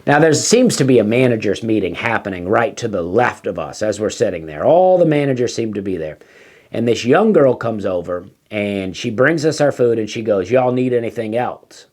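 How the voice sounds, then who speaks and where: Here a stand-up comic's voice sits on the low side with a darkish tone, swinging widely in pitch at a normal pace. His storytelling meanders, stuffed with fillers and thoughts he loses track of.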